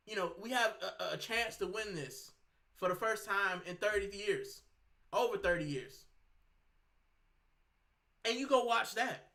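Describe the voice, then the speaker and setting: A man with a high, bright, forceful voice rants angrily to the camera for his fan channel. He's unwell and straining to talk, but he keeps fuming and repeating himself.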